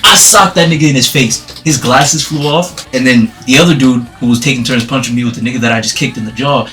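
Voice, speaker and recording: A man vlogging a storytime, animated and profane, laughing as he tells it. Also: mid-range voice, brisk, few pauses, music in the background. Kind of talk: storytime vlog.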